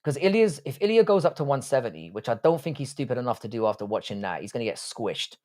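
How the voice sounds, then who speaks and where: A man's voice: mid-range voice, very animated, quick pace, darkish tone. A man in his thirties hosting a casual live stream, swearing freely and bantering with his chat. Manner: profane, joking banter with chat. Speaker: livestream host reacting to fights.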